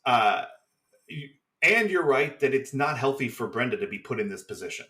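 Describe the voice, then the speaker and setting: A man in mid-range voice chats loosely as a podcast co-host, recapping an old TV episode. He swears freely and drops into quick mock voices for the characters now and then. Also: medium pitch, big pitch swings, sharp tone. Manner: swearing, chatty, acts out quick impressions. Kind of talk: casual chat recapping a TV episode.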